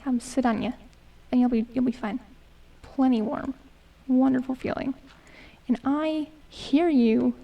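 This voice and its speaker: A woman's voice: sits high, steady tone, a little slow, gravelly, lo-fi sound. A young woman streaming a game, chatting to herself and her chat, muttering and humming as she plays. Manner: chatty self-talk, hums and mutters while playing. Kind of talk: casual gameplay commentary. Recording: voice a bit distant from the mic.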